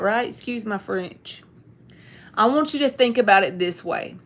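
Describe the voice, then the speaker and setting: A woman's voice: on the high side, a bit bright. A woman, giving a candid, folksy live tarot reading. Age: 30s. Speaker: tarot reader.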